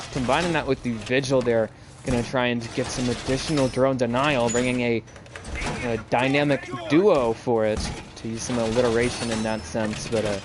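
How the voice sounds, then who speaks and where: Working solo, a male esports caster delivers live play-by-play, switching between rapid calls and loose, rambling chat with viewers between plays. His mid-pitched voice is close-miked and casual, while gunfire and game audio stay clearly audible behind him amid background noise.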